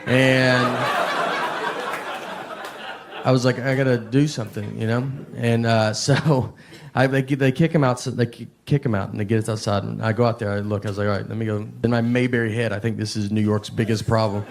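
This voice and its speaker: A man with a Tennessee accent telling stand-up stories in a deadpan, understated drawl with frequent filler words. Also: medium pitch, fairly quick, creaky, background noise. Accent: Southern US, Tennessee. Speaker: stand-up comedian. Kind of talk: stand-up comedy storytelling.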